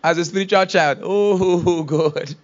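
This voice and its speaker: A man's voice: high voice, normal speed, lo-fi sound. A man preaching a sermon, acting out quoted voices and laughing often. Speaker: pastor.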